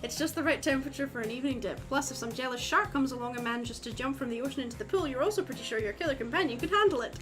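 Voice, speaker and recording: A woman's voice: sits high, very fast, hardly any pauses. A woman streamer reading a dating game's narration aloud. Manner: storytelling narration. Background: game music.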